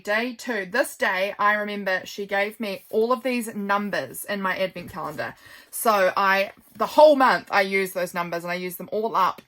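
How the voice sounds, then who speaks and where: A woman's voice: medium pitch, a bit bright. A woman, chatting casually and gushing as she flips through her handmade journal, thinking aloud. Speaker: craft vlogger.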